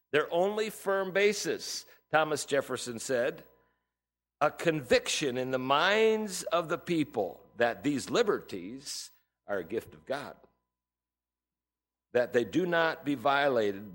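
A man in his sixties preaching a sermon from the United States, earnest and emphatic, stressing each point. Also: medium pitch. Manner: earnest, emphatic, piling up statistics and quotes.

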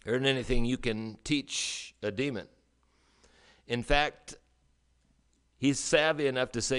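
A man preaching a sermon as a pastor, emphatic, with rhetorical questions and dramatic pauses. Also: medium pitch, a bit bright, clean tone.

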